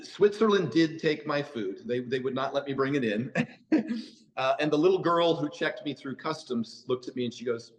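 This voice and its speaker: With lively intonation and a mid-range voice at normal speed, an American podcast guest recounts stories casually. He keeps restarting and saying "you know," heard on a low-quality recording.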